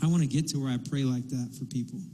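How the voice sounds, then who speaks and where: A man's voice: mid-range voice, steady tone, fast, noisy background. A man preaching a sermon as pastor, impassioned, voicing pleading quotes as he goes. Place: church sanctuary. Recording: long hall reverb.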